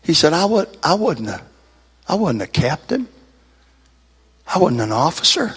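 A man preaching a sermon in church, telling a folksy story and building to shouted fervor. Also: on the high side, very animated, moderate pace, long pauses, breathy edge. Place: church service.

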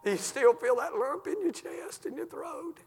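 High-voiced, fervent preacher. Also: male voice, lively intonation, normal speed, creaky. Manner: fervent, impassioned preaching with cries of emotion. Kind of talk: revival sermon with altar call. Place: church. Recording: reverberant hall with soft music.

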